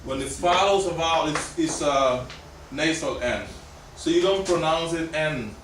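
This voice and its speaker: A man teaching a class, patient and explaining step by step, his voice sitting a little high. He speaks very slowly. The recording is distant and very echoey, with clear background noise. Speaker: language teacher. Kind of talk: classroom lesson.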